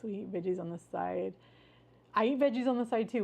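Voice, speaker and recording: A woman's voice: mid-range voice, brisk, gravelly, darkish tone. A woman hosting a casual live stream, chatting with viewers in an upbeat, friendly way, greeting them by name and cheering them on. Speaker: livestream host.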